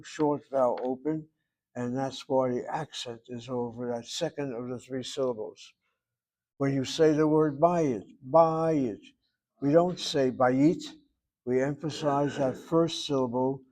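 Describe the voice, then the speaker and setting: Male language teacher, medium pitch, patient and methodical lecturing, repeats drill words. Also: warm tone. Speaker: Hebrew teacher. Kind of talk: grammar lesson explanation.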